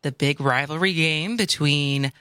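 Bright, dry-voiced woman radio host. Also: low voice, clean tone, dry recording. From Wisconsin. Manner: lively, quick, some restarts. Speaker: radio talk show host. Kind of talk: radio talk show. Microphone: studio microphone.

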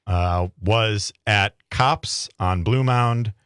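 A man's voice: on the low side, drawn-out words, a bit bright, smooth, dry recording. A man in his thirties telling easygoing, rambling stories on a talk radio show. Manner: easygoing, rambling anecdotes with fillers. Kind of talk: casual storytelling on talk radio. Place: radio studio. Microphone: studio microphone.

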